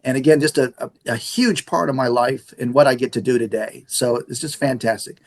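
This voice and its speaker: A man's voice: medium pitch, a little fast. A middle-aged man, a radio station manager, telling stories in a casual interview and acting out the dialogue. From San Antonio area, Texas. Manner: animated storyteller acting out dialogue.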